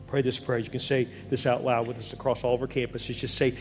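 A man's voice: mid-range voice, little pitch movement, fast talker, hardly any pauses, long reverb tail, music in the background. A man preaching a sermon as pastor, earnest and repetitive, leading the congregation in spoken prayer at a church service. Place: church service streamed to several campuses.

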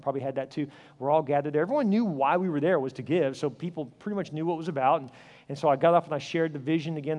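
A middle-aged male pastor telling a story in a sermon, acting out the dialogue and swinging from loud to hushed. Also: fairly high pitch. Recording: long hall reverb.

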